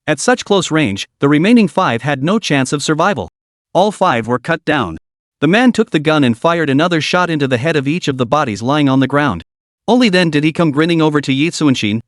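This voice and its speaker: A man's voice: a little high, no room sound, clean studio sound. A man narrating a comic recap with dramatic storytelling.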